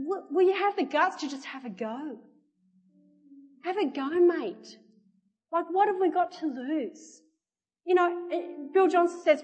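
A woman preaching a sermon, telling stories lively and acting out the characters. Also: extremely high pitch, a little slow, pauses often. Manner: lively storytelling that acts out the characters. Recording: echoey hall with soft music.

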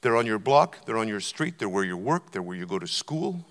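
A man's voice: fairly low pitch, very animated, a little fast, fairly bright tone. An older man preaching a sermon to a congregation, conversational and emphatic, urging them on. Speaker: guest preacher. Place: church auditorium. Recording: long church hall reverb.

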